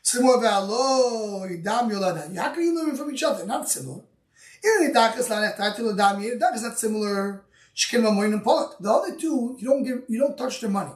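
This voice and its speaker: A man's voice: high voice, expressive, quick pace. A man teaching a Talmud lesson, reading Aramaic lines and explaining them in English, often restarting his sentences. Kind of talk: Talmud study lecture. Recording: echoey room, voice from far off.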